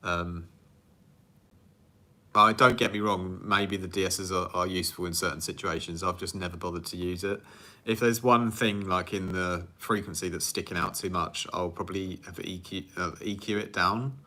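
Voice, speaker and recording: A chatty man runs a casual livestream Q&A as a music producer and rambles through viewer questions. He laughs easily and makes fun of himself. His voice sits on the low side but comes across bright and forward. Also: steady tone, normal speed. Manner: rambling, chatty, laughs often, self-deprecating.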